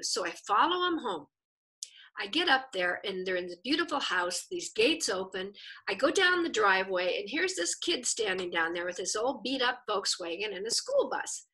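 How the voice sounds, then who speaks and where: A woman teaching a lesson, telling a story in an animated way and acting out the people in it. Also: mid-range voice, moderate pace. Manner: animated storyteller who acts out the people she quotes. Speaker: Bible and Hebrew teacher. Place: teaching a class with a screen.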